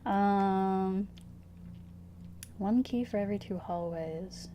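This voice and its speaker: A woman streamer casually thinking aloud over a puzzle game, hesitant and giggly, with soft music behind. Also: medium pitch, slow pace, slight background noise. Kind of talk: casual gameplay commentary. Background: soft background music.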